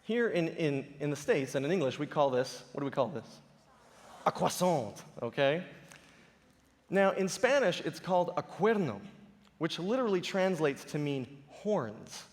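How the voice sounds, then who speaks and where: A man's voice: a little high, very animated, a little slow, big-room sound. A man giving a conference talk to a live audience, telling stories animatedly with playful impressions. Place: large auditorium stage.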